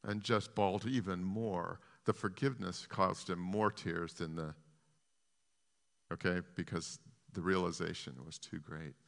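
A man preaching a sermon with passion, swinging from hushed to loud and emphatic, repeating and restarting phrases. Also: sits low, steady tone, a little slow, creaky, big-room sound.

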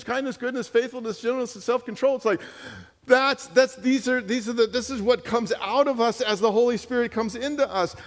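A man preaching a sermon and telling stories, animated and full of restarts and repeated words. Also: very high-pitched. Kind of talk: sermon with storytelling. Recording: long hall reverb.

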